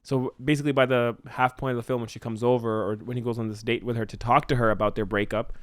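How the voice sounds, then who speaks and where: A man's voice: medium pitch, flat delivery, clear, resonant tone, dry recording, clean studio sound. A man co-hosting a podcast, brainstorming a story in a rambling, casual way with many fillers. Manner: fast, rambling, lots of "like". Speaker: podcast co-host.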